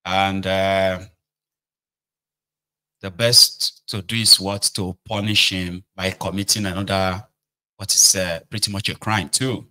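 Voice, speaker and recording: A man's voice: low-pitched, little pitch movement, slow, sharp tone, low-quality recording. A man giving opinion commentary, arguing with rhetorical questions.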